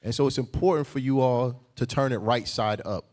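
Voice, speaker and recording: A man's voice: mid-range voice, brisk, darkish tone. A man co-teaching a congregation, joking and conversational as he plays to the room.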